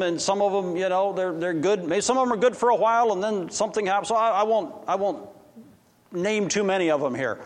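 A man preaching a sermon, telling a story and acting out dialogue with quick voice shifts. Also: sits high, big-room sound. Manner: acts out dialogue with quick voice shifts, restarts often.

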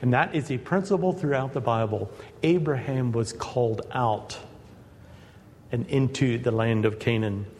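Guy preaching a sermon, earnest, gets emphatic, mid pitch, long church echo. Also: unhurried, darkish tone. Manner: earnest, building to emphatic peaks.

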